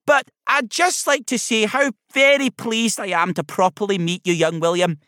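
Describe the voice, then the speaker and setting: A man voicing an old male teddy bear with a soft Scottish accent, prim, wry and well-spoken. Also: high-pitched, steady tone, normal speed, no echo, clean studio sound, pitched above the performer's own voice.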